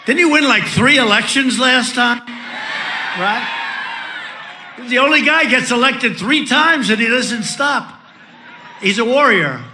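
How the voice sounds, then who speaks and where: A man giving a political rally speech, introducing candidates in a boastful, repetitive, ad-libbing way, shouting his punchlines. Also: very high-pitched, measured pace, long pauses, background noise.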